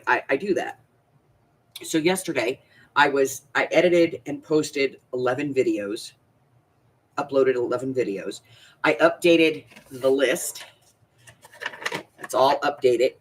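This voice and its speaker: A woman's voice: extremely low pitch, fairly bright tone, slight background noise. A woman hosting a crafting channel, chatting casually and rambling, with frequent restarts and laughter. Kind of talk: casual chat.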